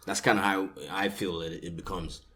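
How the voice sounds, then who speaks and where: A man's voice: sits low, flat delivery, moderate pace, fairly bright tone. A man hosting a podcast, chatting casually, swearing freely and laughing often. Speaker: podcast host. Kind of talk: casual chat.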